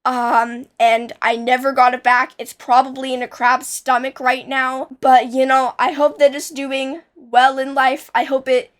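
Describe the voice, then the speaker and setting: A woman's voice: sits high, flat delivery, measured pace, hardly any pauses. A young woman telling a childhood story in a casual, rambling way, with many restarts and fillers.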